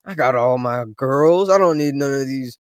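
A man's voice: mid-range voice, moderate pace, no room sound, studio quality. A man playing a tabletop game, talking in a brash, swaggering, crude way. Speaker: player.

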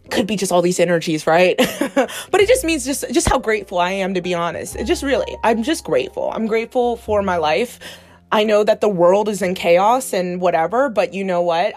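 A woman who is a psychic medium, talking candidly in a casual monologue, swearing freely and laughing often. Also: mid-range voice. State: gets emotional, near tears. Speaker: psychic medium and podcast host.

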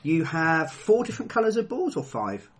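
A man's voice: fairly high pitch, very animated, normal speed. A man hosting a casual podcast chat, laughing often and poking fun at himself. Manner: laughs often, self-mocking. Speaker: podcast host.

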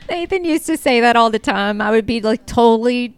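A middle-aged woman with a Southern American accent chats on a family podcast, laughing easily and telling animated stories. Her voice sits slightly high. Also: normal speed, clear, resonant tone. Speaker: podcast host, mother. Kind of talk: casual family podcast chat.

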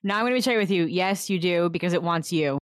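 A woman's voice: lowish voice, fast talker, no room sound, clean studio sound. A woman playing a tabletop game, speaking frankly and earnestly. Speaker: player. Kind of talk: tabletop role-play.

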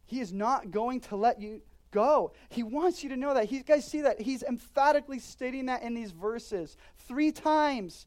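A man in his thirties, a pastor preaching a sermon, swinging between loud emphatic declarations and quiet earnest asides. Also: high-pitched.

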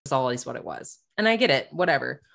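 A woman with a deep, low voice chats casually with a friend on a podcast. She talks candidly and laughs often, swearing freely as she goes. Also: animated, fast, vocal fry, fairly bright tone. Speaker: podcast co-host. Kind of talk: casual chat.

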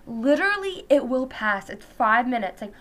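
Chatting casually for her vlog, this teen girl rambles on with plenty of "like" fillers. Her voice sits on the high side with a sing-song, fairly bright quality, moving at a normal speed.

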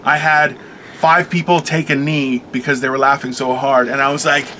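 A man chatting casually as a co-host, telling an animated story, acting out quotes and laughing often. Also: mid-range voice, normal speed, slight background noise. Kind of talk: casual chat.

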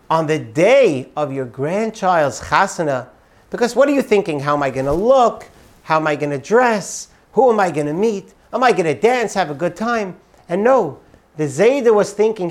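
A man with a notably high speaking voice tells an inspirational story as a rabbi. He delivers it dramatically, rising loud and dropping soft as the tale builds. His voice stays light and high throughout. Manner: dramatic, swings loud and soft while retelling.

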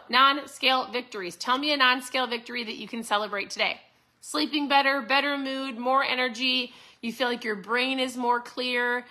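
A woman in her forties talks straight to her listeners in an upbeat, chatty way, cheering them on and checking in with a quick "right?" Her voice sits fairly high and has a bright, slightly tense edge. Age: 40s. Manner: upbeat, chatty, encouraging, often asks "right?". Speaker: host. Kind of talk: casual motivational talk to listeners.

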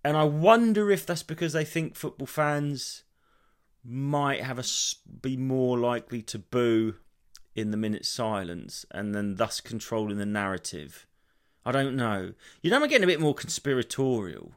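Here a man in his thirties, host of a solo rambling comedy podcast, spins meandering, animated stories peppered with swearing. His voice is mid-range, delivered at a moderate pace.

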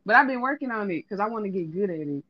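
A man's voice: high-pitched, expressive, fast, no echo, lo-fi sound. A young man, a student, chatting as a podcast guest in a playful, laughing way. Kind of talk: casual podcast banter.

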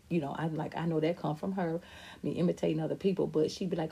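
A middle-aged woman hosts a podcast in a deep, mellow voice with a breathy edge and vocal fry, keeping a steady tone at a quick pace. She talks candidly and emphatically about her life, answers viewer comments and sometimes imitates other people's voices.

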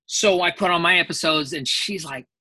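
Bright-voiced animated male storyteller. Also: a little high, moderate pace, no room sound. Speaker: convention guest voice actor. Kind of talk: casual panel interview.

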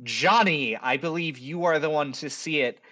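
A man's voice: on the high side, moderate pace, pushed and bright. A man running a tabletop game as game master, describing combat and prompting players for rolls.

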